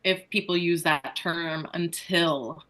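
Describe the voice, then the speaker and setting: A woman guest talks slowly and easily, often breaking into giggles. Her voice is bright and fairly low for a woman, with an unhurried pace. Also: steady tone, poor audio. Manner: unhurried, giggly, self-correcting. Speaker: podcast guest. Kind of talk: casual podcast chat.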